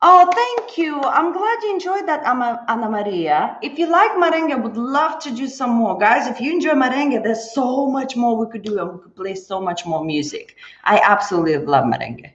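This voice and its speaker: A woman's voice: fairly high pitch, expressive, brisk, few pauses. Woman, chatty dance teacher, thanks viewers by name, echoey room, muffled stream audio. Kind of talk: live-stream chat after class. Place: indoors at home.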